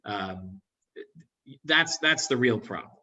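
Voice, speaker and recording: A man's voice: on the low side, lively intonation, slow pace, sharp tone, husky. A man in the audience making a comment in an academic Q&A, hesitant and full of fillers. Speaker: audience member asking a question. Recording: voice distant from the mic.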